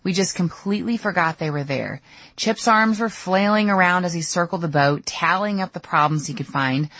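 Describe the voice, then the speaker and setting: A middle-aged woman reads her own memoir for an audiobook, telling her story in a candid, storytelling manner. Her voice sits on the low side with a fairly bright tone, and the recording carries no room sound.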